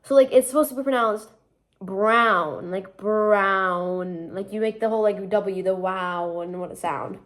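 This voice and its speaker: A young vlogger from Michigan, USA, with a Michigan accent chats in a rambling, "like"-heavy way while cooking in her home kitchen, filmed on a phone propped on the counter. Her medium-pitched voice has a darkish tone and fairly even intonation, and she talks fairly quickly with few pauses.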